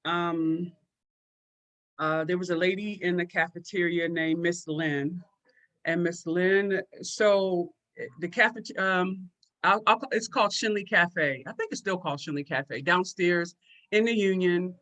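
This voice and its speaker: A university staff member sharing a personal anecdote, hesitant with frequent pauses. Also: mid-range voice, sharp tone. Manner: hesitant, many pauses and fillers.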